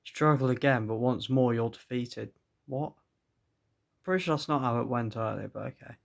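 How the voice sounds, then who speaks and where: A man's voice: mid-range voice, normal speed, vocal fry. A man reading an AI-written second-person story aloud, often stopping to comment and laugh at it. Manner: breaks into laughter, comments between lines.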